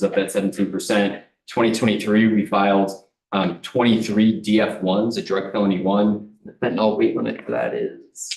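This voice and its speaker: A man from a district attorney's office giving a hurried, matter-of-fact report at a council meeting. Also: deep voice, roomy sound, far from the mic. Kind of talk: public presentation at a council meeting.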